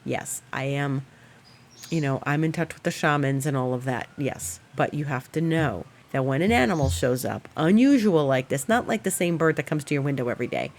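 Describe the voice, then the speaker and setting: A middle-aged woman with a low voice talks through her astrology forecast in a chatty, animated way. She tells stories with plenty of laughter and spoken asides. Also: normal speed. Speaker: astrologer host. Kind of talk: casual storytelling and astrology forecast.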